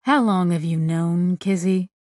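A woman voicing a clawed alien female pilot with an alien accent, speaking in a measured, puzzled way. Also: on the low side, darkish tone, no echo, studio quality, close to an everyday voice.

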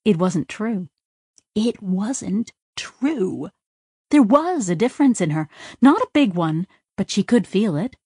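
A woman's voice: mid-range voice, sing-song, normal speed, a little mellow, husky, dry recording, studio quality. Woman narrating a story evenly. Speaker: audiobook narrator. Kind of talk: scripted narration.

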